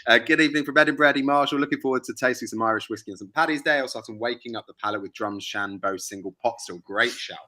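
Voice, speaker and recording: A man's voice: medium pitch, fast, few pauses, sharp tone. A man co-hosting a live whiskey tasting, upbeat as he reads out viewers' names and messages in casual chat. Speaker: co-host reading out viewer comments.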